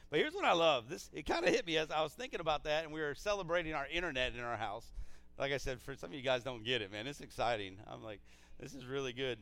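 A man pastor preaching a sermon in a church, casual and energetic, with frequent restarts. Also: a little high, no room sound. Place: church sanctuary.

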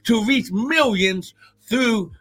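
High-voiced man preaching with shouts. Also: animated. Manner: shouting exclamations and drawn-out repetitions. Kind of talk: charismatic prophetic preaching. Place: church service, live.

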